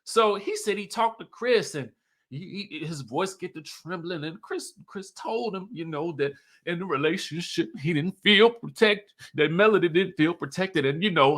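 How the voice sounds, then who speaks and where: A man's voice: sits high, lively intonation, normal speed, a bit bright. A man giving a casual, sassy reality-TV recap, laughing often and quoting the cast. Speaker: show recap commentator.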